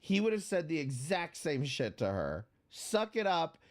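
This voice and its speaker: A man's voice: on the high side, very animated, unhurried. A man hosting a reaction commentary show, blunt and mocking, swearing often. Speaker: commentary host.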